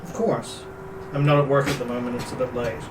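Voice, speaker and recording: A man serving as game master, narrating a tabletop game and reading in-world news in a steady announcer tone. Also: mid-range voice, brisk. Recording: distant roomy mic with loud background noise.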